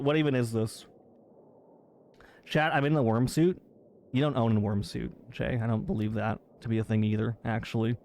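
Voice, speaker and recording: A man's voice: medium pitch, darkish tone. A man streaming live, chatting casually with his chat, reading out messages and protesting their teasing in disbelief. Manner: teasing, incredulous, quick to protest.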